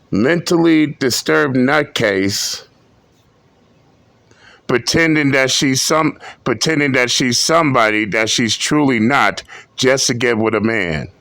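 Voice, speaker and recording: Slow mocking commentary guy, blunt, dry close mic. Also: mid-range voice, gravelly, fairly bright tone, no room sound. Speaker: commentary host. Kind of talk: reaction commentary.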